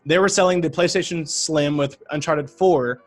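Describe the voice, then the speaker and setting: A man's voice: a little high, normal speed, faint music behind. Rambling man telling a story. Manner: rambling, animated retelling with frequent fillers. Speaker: podcast guest. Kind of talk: casual storytelling.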